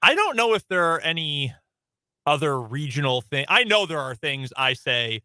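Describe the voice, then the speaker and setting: On a studio microphone with a dry, clean recording, a Chicago-area man co-hosts sports radio in casual, rambling chat and laughs easily. He has an Upper Midwest accent and a fairly high, sharp voice with big pitch swings.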